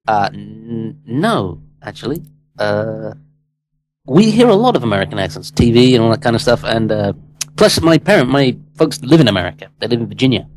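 A man, an actor guest, chatting in a relaxed interview with easy laughs and repeated words. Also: medium pitch, normal speed, low-quality recording. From England. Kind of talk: relaxed casual interview chat.

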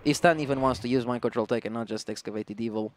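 A man with an Eastern European accent doing relaxed, chatty commentary on a card game match. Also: mid-range voice, fast, a little hiss or hum. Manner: relaxed, chatty, laughs often. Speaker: esports caster.

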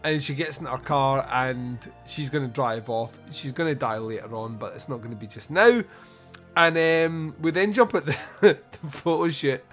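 A man hosting a podcast, reviewing a film in casual chat, animated, swearing freely and laughing often. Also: mid-range voice, normal speed, soft background music. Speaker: podcast host.

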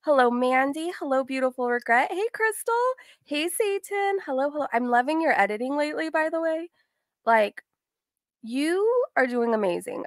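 A woman's voice: high-pitched, no room sound, studio quality. A young woman hosting a casual livestream, bubbly and giggly, greeting her chat by name. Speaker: livestream host.

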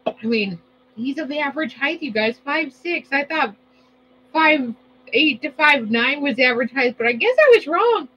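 A woman's voice: high voice, lively intonation, moderate pace, sharp tone, slight background noise, low-quality recording. A woman chatting casually while cooking, rambling and playful, often correcting herself. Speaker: vlogger.

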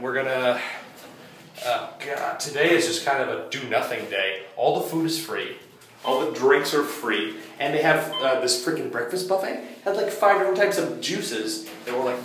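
A man from Florida vlogging from a hotel, tired and out of breath, rambling goofily between loud bursts and mumbles. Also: medium pitch, background noise. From Florida, USA. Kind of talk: hyper casual travel vlog. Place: hotel rooms, halls and balcony.

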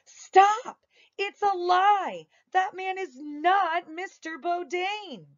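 A woman voicing a brave young pioneer girl who shouts defiantly. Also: fairly high pitch, very animated, unhurried, dull audio, voice pushed up.

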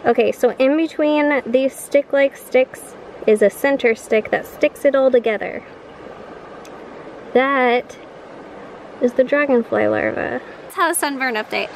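A playful woman with a high, bright voice talks on a hike beside the water. She chats freely and gets worked up easily. Outdoor noise runs loudly under her voice. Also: vocal fry. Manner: chatty, playful, quick to get worked up. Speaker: vlogger. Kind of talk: casual outdoor vlog chat. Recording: noisy outdoor recording.

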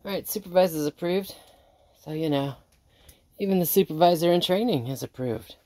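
Woman homesteader, low voice, a little sick, relaxed rambling chat about her chores, dry close sound. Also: moderate pace, no echo. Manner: relaxed, rambling with many ums. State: sick, under the weather. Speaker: homestead vlogger. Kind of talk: casual chat while doing chores. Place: outdoors on a small farm.

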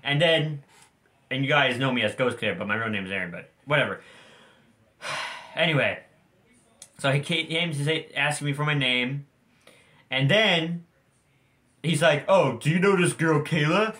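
Teen guy vlogger, angry profane rant, bright edgy voice, middle pitch. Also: normal speed, pauses often. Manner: heated, profane, ranting to viewers.

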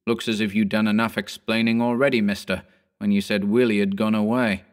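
A man voicing a blunt, stubborn rural mailman who drawls slowly. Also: on the low side, flat delivery, natural voice.

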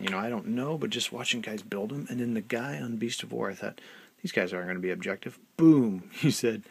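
Gravelly-voiced man rambling at his hobby desk. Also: fairly low pitch, a bit bright. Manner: chatty, self-deprecating, trails off mid-sentence. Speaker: hobby channel host. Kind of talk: rambling casual hobby vlog.

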